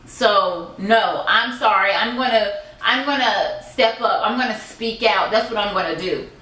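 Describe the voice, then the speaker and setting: A woman's voice: mid-range voice, unhurried, sharp tone. A woman vlogging about her own life, speaking indignantly and emphatically and repeating phrases for force. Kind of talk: emotional personal vlog. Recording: echoey room.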